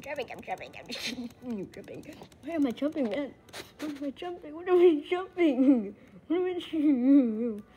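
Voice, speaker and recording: A woman's voice: high voice, animated, moderate pace, mellow, muffled recording, slight background noise. A woman voicing a silly, childish talking axolotl that giggles and repeats words over and over in a playful comedy skit. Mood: giddy.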